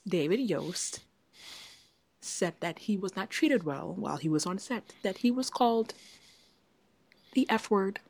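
A woman co-hosting a casual podcast, telling a long story with lively acted-out quotes. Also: medium pitch, a little slow, gravelly, long pauses. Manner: animated storyteller, acts out quotes. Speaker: podcast co-host. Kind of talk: casual chat.

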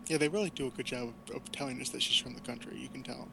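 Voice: mid-range voice, fairly even intonation, rapid-fire, creaky, a loud crowd. Dry, sarcastic podcast panelist. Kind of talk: casual chat.

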